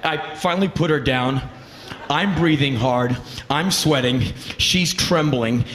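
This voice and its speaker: A man performing spoken word, telling a comic story in an intense, profane, animated way. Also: fairly high pitch, slow, noisy background. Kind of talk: live comedic storytelling. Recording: reverberant hall with faint ambience.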